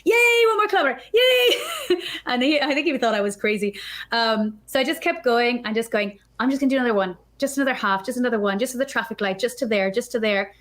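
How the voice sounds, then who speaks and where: A woman guest on a podcast, telling a story in a chatty, animated way and acting out her own thoughts. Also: on the high side. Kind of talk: casual storytelling.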